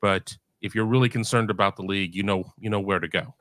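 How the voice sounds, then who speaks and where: A man's voice: on the low side, fairly even intonation, fast talker, a bit bright, no echo. A man on a live sports podcast, speaking casually and with emphatic opinions.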